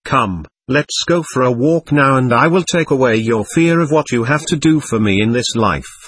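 A man voicing a vast, fatherly male angel who speaks in soft, comforting tones. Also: mid-range voice, lively intonation, moderate pace, husky, dry recording, clean studio sound. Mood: tender.

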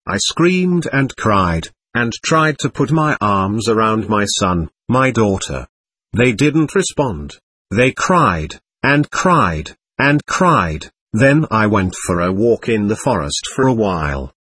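A sorrowful ghost of a young mother, as a male reader puts her on, slow and halting, her sentences broken by grief. The voice is slightly husky and sits close and dry, with a lively rise and fall. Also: lowish voice, no room sound, heavily acted. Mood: grieving.

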